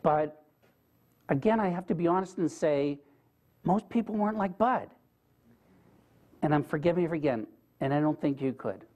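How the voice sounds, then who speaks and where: A man's voice: fairly high pitch, expressive, moderate pace, long pauses, a little mellow. Earnest male speaker, conversational lecture storytelling, talks straight to the room. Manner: earnest, conversational, asks the audience questions. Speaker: guest speaker. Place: lecture room with a live audience.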